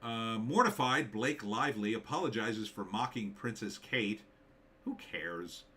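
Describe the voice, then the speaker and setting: A man's voice: on the low side, measured pace, bright, forceful tone, a little hiss or hum. A man hosting a live stream, reading viewer comments aloud and answering them with blunt, dismissive opinions and many fillers.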